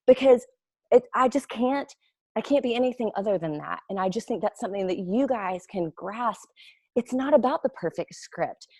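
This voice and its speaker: A woman's voice: on the high side, moderate pace, husky, no room sound, studio quality. A woman, a network marketing recruiter talking casually and animatedly to her team. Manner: chatty, animated storyteller with playful quoted voices. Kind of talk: casual webinar talk.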